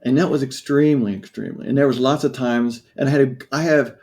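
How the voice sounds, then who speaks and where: A podcast guest from the United States in his fifties shares his personal story candidly and reflectively, often stopping and restarting his sentences. His voice is gravelly, dark-toned and medium-pitched, and he talks fast.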